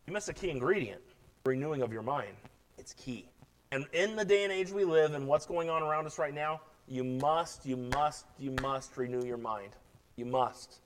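A middle-aged man preaching an impassioned sermon as pastor, swelling louder and then dropping low. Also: normal speed, low-quality recording. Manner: impassioned preaching, rising and falling in loudness.

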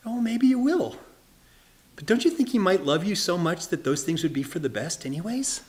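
A man's voice: sits high, normal speed. A man giving an earnest sermon, often repeating words and speaking straight to his listeners. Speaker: preacher teaching evangelism.

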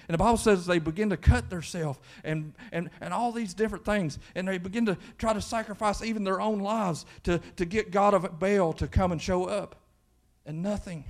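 High-voiced preacher telling a story. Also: male voice. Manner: animated preacher retelling a story, with frequent restarts. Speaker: pastor. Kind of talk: sermon storytelling.

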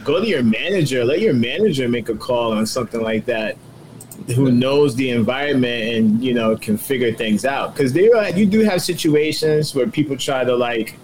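A man with a mid-pitched voice reasons through a point in casual chat, with a teasing edge. Faint background noise sits under him. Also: low-quality recording.

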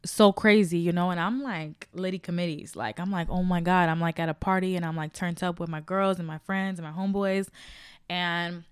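Low, smooth-voiced young woman host. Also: steady tone, normal speed, no echo, clean studio sound. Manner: chatty, slangy, speaks straight to listeners. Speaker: podcast host. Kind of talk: casual motivational storytelling.

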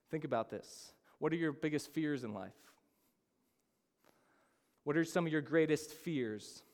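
Male pastor, slightly higher voice, earnest, dramatic sermon delivery, long reverb of a large room. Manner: earnest, dramatic reading of scripture, acts out the disciples' panic.

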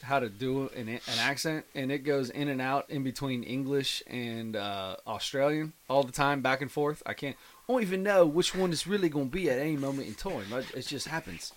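Laughing animated storyteller man. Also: medium pitch, a little fast, slight background noise. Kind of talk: casual chat.

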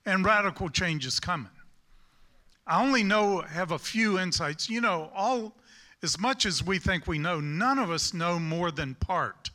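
A man's voice: sits high, animated, unhurried, bright, forceful tone. A man with a Southern US accent preaching a sermon in a folksy, rambling way, with self-deprecating humor.

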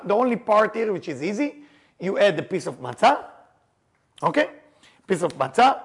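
A man teaches a group about the Passover seder, his voice gravelly and husky. He pitches it fairly high and tells stories with jokes and sudden bursts of emphasis. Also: normal speed. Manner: animated storyteller, laughs and jokes, shouts for emphasis. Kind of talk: lively teaching talk to a group.

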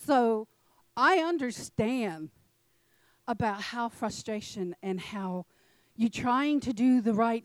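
Lively woman telling a sermon story. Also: fairly high pitch, no room sound, low-quality recording. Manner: animated, laughing storyteller speaking to a congregation. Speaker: church speaker.

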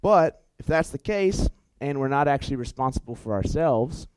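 A young man giving a storytelling sermon in an animated, chatty way, full of fillers and self-corrections. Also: medium pitch, moderate pace, smooth, no room sound, rough recording. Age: young adult. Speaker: youth preacher.

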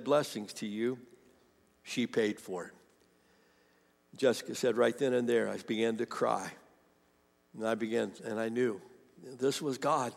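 A pastor preaching a sermon, retelling a woman's testimony with animated emphasis and fervent questions to the congregation. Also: mid-range voice, creaky, in a large hall. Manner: animated storytelling, quoting a woman's testimony, rising to fervent appeals.

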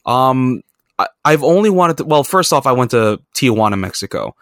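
A man's voice: medium pitch, sing-song, moderate pace, fairly bright tone, dry recording, studio quality. Rambling, profane storytelling man. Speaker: podcast host. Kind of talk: casual storytelling chat.

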